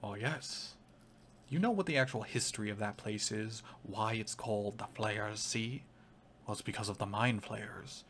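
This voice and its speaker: A man voicing a fat, scheming crocodilian crime lord in a tabletop game, with an Irish accent and a smooth, wheedling sales patter. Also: lowish voice, moderate pace, fairly bright tone, slight background noise. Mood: ominous.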